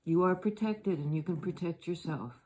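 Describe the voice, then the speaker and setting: Soft-spoken older woman, mellow and low. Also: normal speed, poor audio. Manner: soft, meandering and personal, with many fillers. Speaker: tarot reader. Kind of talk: reflective spoken reading. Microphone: handheld or propped camera.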